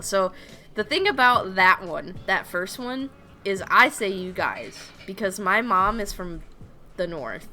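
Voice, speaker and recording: A woman's voice: medium pitch, very animated, takes it slowly, sharp tone, faint music behind. A young woman from Tennessee with a Southern accent, co-hosting a podcast in casual chat, full of fillers and laughs. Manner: chatty, laughs often, many fillers. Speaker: podcast co-host.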